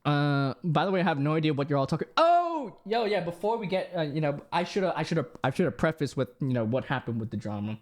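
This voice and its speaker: A man's voice: a little high, fast talker, hardly any pauses. A young man, a streamer chatting casually on a live stream, rambling with many restarts and fillers.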